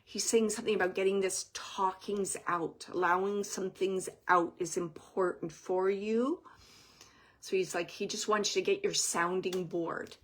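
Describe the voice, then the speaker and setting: A woman giving a live spirit reading to an audience member, speaking gently and wandering through her impressions with soft asides. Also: medium pitch, steady tone, measured pace. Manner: gentle, meandering, relays messages with soft asides.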